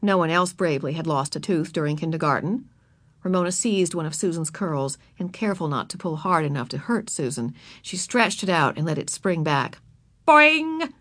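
A woman narrating a children's storybook in an expressive, animated reading. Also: low-pitched, a little fast, no room sound.

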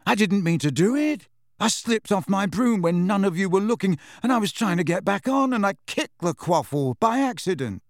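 A man voicing a nervous teenage boy with a low, croaky, miserable whisper of a voice in an audiobook. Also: expressive, moderate pace, no echo, studio quality.

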